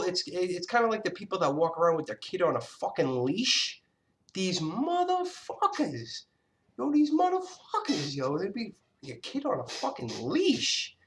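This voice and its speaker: Ranting, profane man with a higher voice. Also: a bit bright. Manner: scattered, with frequent restarts. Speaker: vlogger. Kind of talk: casual storytelling monologue.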